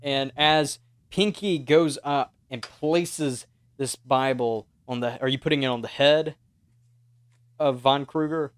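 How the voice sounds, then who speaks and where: Game master: measured male narrator, mid pitch, dry close mic. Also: fairly even intonation, clean tone, dry recording.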